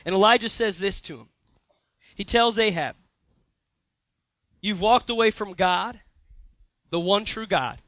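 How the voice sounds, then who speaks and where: High, bright-voiced young male preacher. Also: unhurried, pauses often, dry recording. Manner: storytelling with lively retellings and asides. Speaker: pastor. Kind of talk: sermon. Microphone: handheld or stage mic.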